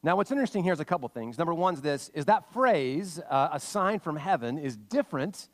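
A man preaching a sermon as pastor, reading scripture and telling a lively family story in animated bursts. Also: fairly high pitch, brisk. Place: church sanctuary. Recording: long hall reverb.

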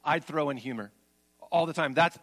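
A man in his forties, a pastor preaching a candid, confessional sermon, moving between animated emphasis and low, quiet admissions. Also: moderate pace.

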